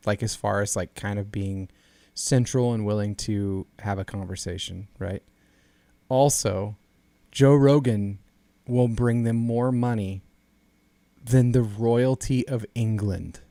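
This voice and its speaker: A man co-hosting a podcast chats casually, rambling and restarting his sentences. His voice is on the low side, mellow and creaky, and he speaks slowly. There's no room sound.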